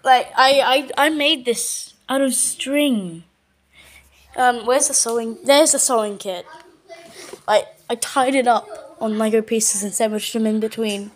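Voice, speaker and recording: A woman with an Australian accent casually narrating a showcase of her own artwork, stumbling over words and filling pauses with lots of ums. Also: on the high side. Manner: hesitant, full of ums and repeated words. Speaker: channel owner.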